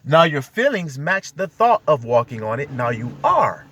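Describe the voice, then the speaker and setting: A man's voice: fairly high pitch, big pitch swings, moderate pace, pushed and bright, slightly rough, dry recording. Fired-up man preaching in a car. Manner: exhorting, fired-up, peppered with rhetorical questions to the audience. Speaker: self-styled preacher. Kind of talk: impassioned spiritual monologue. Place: inside a car.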